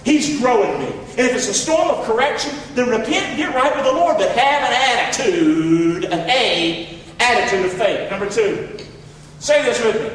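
A man preaching a sermon in a folksy, preacherly way that rises to shouts, recorded from far off in an echoey hall. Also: very high-pitched, very animated, moderate pace. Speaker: pastor.

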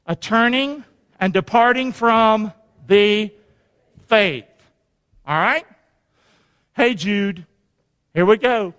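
A man's voice: sits high, a bit bright. A man preaching a sermon in a church, emphatic and calling on the congregation to repeat lines after him. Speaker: pastor. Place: church sanctuary. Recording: long reverb of a church hall.

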